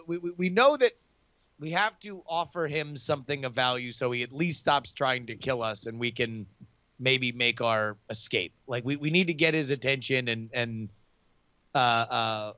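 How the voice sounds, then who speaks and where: A man's voice: fairly high pitch, fairly bright tone, no room sound, muffled recording. A man playing a tabletop game, joking wryly about the party's deeds. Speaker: player.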